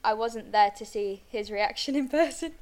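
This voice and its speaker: A woman's voice: fairly high pitch, normal speed, crowd noise. A woman joining a podcast chat, teasing and amused. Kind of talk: casual chat.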